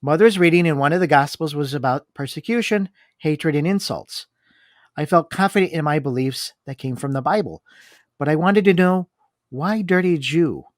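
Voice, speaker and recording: Guy co-hosting a history talk, reads passages out then chats about them, kinda high pitched, dead dry room. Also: moderate pace, dry recording. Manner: reads long book passages, then comments. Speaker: podcast co-host. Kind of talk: reading aloud and discussing history.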